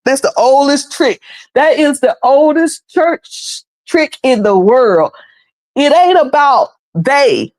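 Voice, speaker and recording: A woman's voice: sits high, animated, takes it slowly, a little mellow, dry recording. A woman hosting a livestream, talking in a colloquial, preachy way and laughing often. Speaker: livestream host. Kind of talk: casual livestream commentary.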